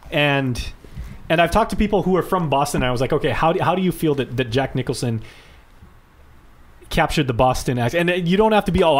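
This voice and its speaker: A man with a fairly high voice co-hosts a movie chat podcast. He argues his opinions stubbornly, with plenty of "um" and "you know" as he gathers his thoughts. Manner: opinionated, argumentative, hesitant with fillers. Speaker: podcast co-host.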